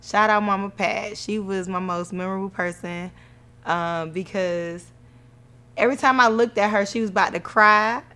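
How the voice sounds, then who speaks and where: A woman's voice: medium pitch, moderate pace, clean tone. Chatty woman telling wedding stories. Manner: animated storytelling, laughing often. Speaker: podcast co-host, newlywed bride. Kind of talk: casual chat.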